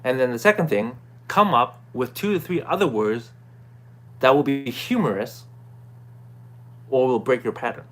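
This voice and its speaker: Male vlogger, casual self-help recap, conversational, frequent "right?" and throat clearing. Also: medium pitch, normal speed, long pauses, fairly bright tone. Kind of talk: casual talking-to-camera recap.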